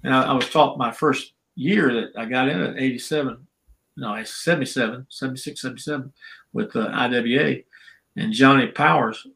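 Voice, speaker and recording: An older man with a gravelly, creaky edge to his voice, chatting as an interview guest. He rambles through stories, laughs a lot and acts out voices along the way. His pitch sits in the middle for a man. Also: moderate pace, fairly bright tone, rough recording. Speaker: guest, former wrestler and referee. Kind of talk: casual interview storytelling.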